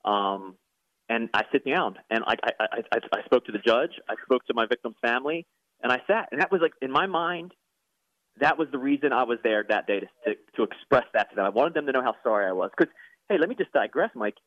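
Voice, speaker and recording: A man's voice: mid-range voice, lively intonation, fairly quick, a bit bright, no room sound. Guest man, pastor, earnest preacherly testimony, tinny phone-line audio. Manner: earnest, preacherly, repeats words when moved. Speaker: guest, former professional soccer player and pastor. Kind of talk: emotional personal testimony.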